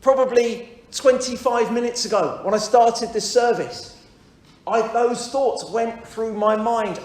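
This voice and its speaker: A man's voice: sits high, measured pace, a little mellow. A man minister preaching a sermon during a church service, reflective, repeating key phrases and speaking straight to his listeners. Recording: very echoey church sanctuary.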